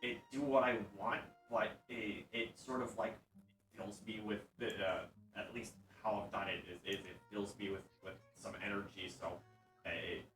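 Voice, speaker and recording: A man voicing an eager young male goblin inventor, talking in a halting, rambling way full of restarts. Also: fairly low pitch, steady tone, a bit bright, echoey room, distant mic, soft background music, close to an everyday voice, rough recording. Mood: explaining.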